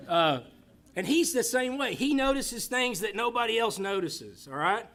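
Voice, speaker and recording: High-voiced chatty teacher. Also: male voice, moderate pace. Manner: chatty, joking, animated. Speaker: Bible class teacher. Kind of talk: casual church class talk. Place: church classroom.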